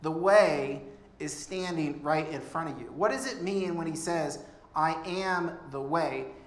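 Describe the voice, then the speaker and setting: A man's voice: fairly high pitch, lively intonation, a little slow. A man preaching a sermon as pastor, earnest and conversational, with humorous asides. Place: church. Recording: echoey church room.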